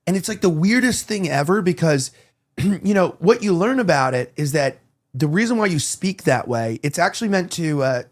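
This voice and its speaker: A man's voice: on the high side, lively intonation, moderate pace. A man hosting a casual talk show, rambling with lots of restarts and the odd swear. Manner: rambling, heavy on "like" and restarts, profane. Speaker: podcast host.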